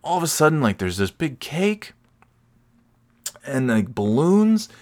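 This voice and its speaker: A man's voice: mid-range voice, sing-song, measured pace, darkish tone. A man telling a casual personal story, rambling with many restarts and swearing freely with self-mocking humor.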